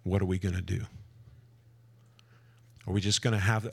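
Energetic man preaching to a conference. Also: low-pitched, moderate pace, vocal fry, pauses often, slightly rough. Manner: energetic, jokey asides, asks the crowd questions. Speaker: conference speaker. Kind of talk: preaching talk to a conference audience. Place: conference hall before a live audience.

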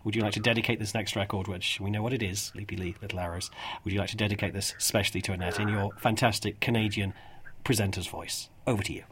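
A man's voice: fairly low pitch, steady tone, fast talker, a bit bright, a little hiss or hum. A man hosting a radio show, chatty and jokey, who rambles and laughs often. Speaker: radio host.

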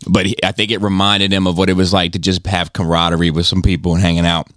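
A man's voice: deep voice, flat delivery, fast, a bit bright, no room sound, studio quality. A man hosting a casual podcast, telling a rambling, profanity-laced story. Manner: rambling storyteller, swears often. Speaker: podcast host.

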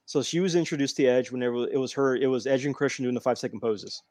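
A man's voice: mid-range voice, fast, a little mellow, no room sound, clean studio sound. A man hosting a casual podcast chat and eagerly telling stories, acting out what people said. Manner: enthusiastic storyteller, acts out quotes.

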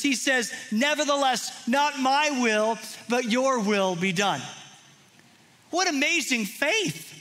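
A man in his thirties preaching a sermon, telling a personal story with earnest feeling and dropping to hushed, intimate tones. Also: extremely high pitch. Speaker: pastor.

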